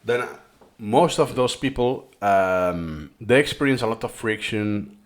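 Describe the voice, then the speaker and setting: A man's voice: lowish voice, expressive, unhurried. A man who speaks English as a third language, explaining a study method in a reaction-style lesson with frequent restarts. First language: not English. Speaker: course host.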